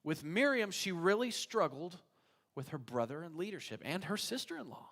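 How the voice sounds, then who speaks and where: A man preaching a sermon as pastor, telling a story in an animated way. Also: high-pitched, moderate pace. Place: church sanctuary. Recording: church hall reverb.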